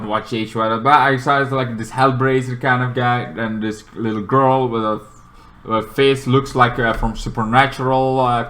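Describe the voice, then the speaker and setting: With a medium-pitched, fairly bright voice, this movie reviewer in his late twenties talks through a film's plot in a relaxed way. He rambles and leans on fillers such as "kind of thing."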